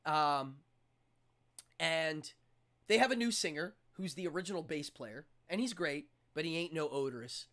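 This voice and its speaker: A man's voice: on the high side, lively intonation, moderate pace, bright, forceful tone. A man hosting a live show, chatting casually in an upbeat, rambling way and laughing easily. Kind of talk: casual live-stream chat.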